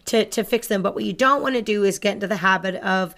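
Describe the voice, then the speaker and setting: A woman dog trainer talks through training tips in a chatty, upbeat manner. Her voice sits at an ordinary middle pitch. She explains things plainly, like a friendly instructor on a podcast. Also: fast, fairly bright tone.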